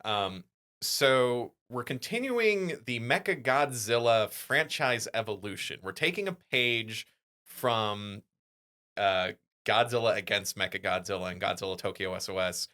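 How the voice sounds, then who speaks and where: A man co-hosting a podcast, chatting casually and rambling quickly about a film. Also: lowish voice, lively intonation, pushed and bright. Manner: fast, rambling film commentary. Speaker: podcast co-host. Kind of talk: casual chat.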